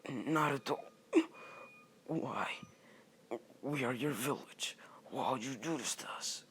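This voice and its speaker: A man's voice: mid-range voice, slow, a bit bright, a little hiss or hum, voice pushed up. A man doing an old village leader, pleading.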